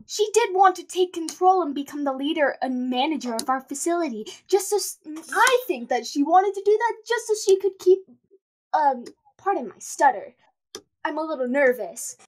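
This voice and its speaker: A woman's voice: high-pitched, very animated, a little mellow. A woman playing a nervous, stammering office worker. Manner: halting, apologetic. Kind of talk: improvised voice role-play.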